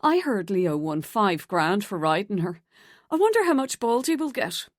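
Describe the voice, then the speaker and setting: A woman's voice: mid-range voice, big pitch swings, moderate pace, dry recording, studio quality, natural voice. A woman narrator voicing a catty, sneering woman office gossip with an affected South Dublin accent. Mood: spiteful.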